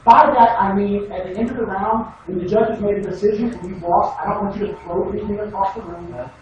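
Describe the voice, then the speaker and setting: A man with a high-pitched, steady voice talks fast through a casual classroom lecture about debate, sarcastic and wry, occasionally parodying students in silly voices. The recording is muffled, noisy, and distant in an echoey room.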